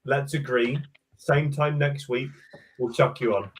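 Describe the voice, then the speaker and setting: A man's voice: mid-range voice, fairly even intonation, a little slow. A man, making theatrical mock speeches in casual stream banter. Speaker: co-host.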